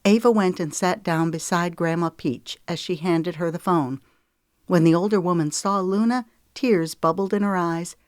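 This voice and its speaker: A woman with a low voice narrates a novel as an audiobook reader, performing scripted storybook narration. She reads at a normal pace, and the studio recording is clean and dry.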